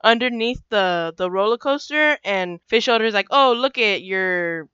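Young woman, casual chat, bright crisp voice, a bit muffled, swears a lot and acts out quotes. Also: mid-range voice, expressive, unhurried, no echo. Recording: dull lo-fi sound.

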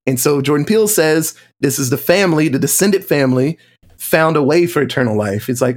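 A man with a somewhat higher-than-typical male voice shares film trivia on a casual movie podcast, appearing as co-host or guest. He speaks fairly quickly and storytells with animation, frequently slipping into exaggerated voices to act out quotes.

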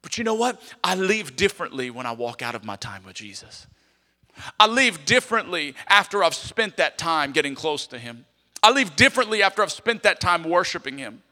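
Animated male pastor preaching in a hall. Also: high voice. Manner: animated preaching, swings between loud and hushed. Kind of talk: sermon.

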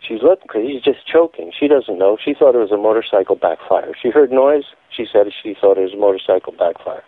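Male radio guest, emphatic and insistent, lowish voice, dry thin phone line. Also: expressive, fairly quick, few pauses, no room sound.

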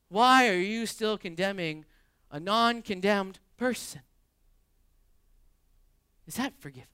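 A male pastor preaching a sermon, swinging from hushed, earnest stretches to loud, animated shouting. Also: very high-pitched, no room sound, clean studio sound. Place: church sanctuary.

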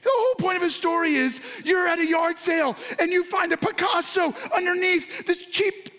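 Man, very high voice, pastor, sermon, animated, excited shouting bursts, talks to the congregation. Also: normal speed. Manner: addresses congregation and online viewers directly.

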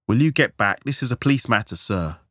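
A man's voice: mid-range voice, expressive, drawn-out words, no room sound, studio quality, pitched above the performer's own voice. A man voicing a nervous male police officer ordering someone back from a cordon. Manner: nervous, raised voice.

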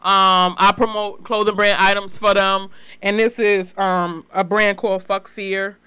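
Blunt New York woman guest, clear voice, casual and slangy. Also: mid-range voice, level tone, a little slow, sharp tone, dry recording. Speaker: guest, fashion designer. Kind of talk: casual podcast chat.

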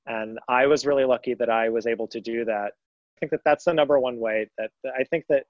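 A man's voice: medium pitch, steady tone, brisk, dry recording, dull audio. A young man talking about his time abroad in an interview, earnest and rambling, often restarting his sentences. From United States. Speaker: guest. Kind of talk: conversational interview.

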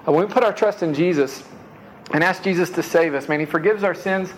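A man preaching in a relaxed, chatty way with a somewhat high voice. He sprinkles in quick asides and often trips back over a word before pressing on. A faint hum sits behind him. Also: poor audio. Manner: casual conversational preaching, frequent "man" and "right?" asides; repeats words while restarting. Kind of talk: sermon.

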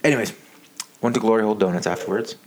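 A man's voice: fairly low pitch, very fast, slight background noise. Exasperated man telling a story. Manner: animated, exasperated, swears a lot. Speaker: podcast co-host. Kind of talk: comedic storytelling.

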